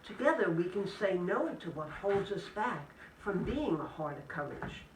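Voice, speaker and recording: Gentle religious sister speaking from afar. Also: female voice, lowish voice, big pitch swings, noisy background. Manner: gentle, measured delivery in short list-like phrases. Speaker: Catholic sister giving a spiritual talk. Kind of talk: inspirational talk to a live audience. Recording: echoey room, speaker distant from the mic.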